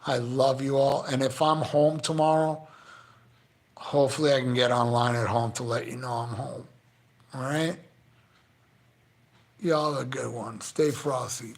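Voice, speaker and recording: A man's voice: medium pitch, steady tone, unhurried, gravelly, pauses often. A man on a live stream, heartfelt and profane, choked up and near tears as he thanks his viewers. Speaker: livestreamer thanking his chat. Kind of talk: casual live-stream chat.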